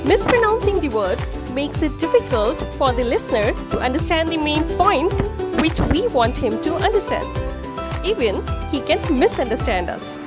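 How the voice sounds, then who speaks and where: A woman narrating a scripted English pronunciation lesson, explaining each word slowly and deliberately. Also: high voice, big pitch swings. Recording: voice-over with faint background music.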